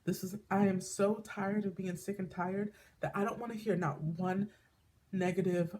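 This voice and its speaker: In her personal vlog, a woman talks openly at a normal pace, her medium-pitched voice slightly mellow and fairly even in intonation. Her speech wanders with many fillers and false starts, and she grows emotional, sometimes tearing up.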